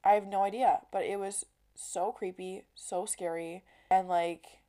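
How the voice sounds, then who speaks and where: Chatty young woman, mellow voice. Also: mid-range voice, a little slow. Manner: chatty, heavy use of "like", animated quoting. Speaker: podcast host. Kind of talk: casual storytelling monologue.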